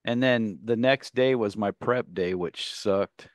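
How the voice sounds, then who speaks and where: A man with a low voice co-hosting a talk radio show, drifting through long anecdotes and chuckling at his own punchlines. His voice sits close and dry on a studio microphone, with no room sound behind it. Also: takes it slowly, dry recording. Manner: rambling anecdotal storyteller, laughs at his own stories. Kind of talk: casual radio banter.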